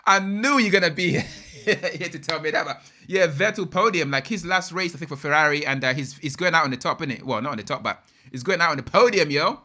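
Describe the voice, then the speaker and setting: A young man hosting a live race watch-along, reacting in an excitable, slangy way and chatting with viewers. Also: fairly high pitch, fairly quick, few pauses. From United Kingdom. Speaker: live stream host.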